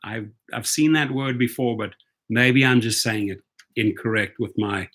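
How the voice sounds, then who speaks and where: A man's voice: mid-range voice, moderate pace, a bit bright. A man with a South African accent hosting a livestream, talking emphatically and reading out viewer comments, often ending points with "right?". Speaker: rideshare channel host.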